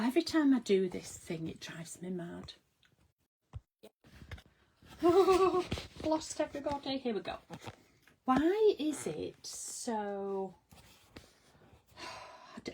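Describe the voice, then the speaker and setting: Woman, craft livestream, casual chat, giggly, unhurried, faint background hiss. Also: mid-range voice, a bit bright, rough recording. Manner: chatty, giggly, greets viewers by name. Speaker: craft live streamer. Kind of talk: casual live-stream chat. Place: craft studio indoors.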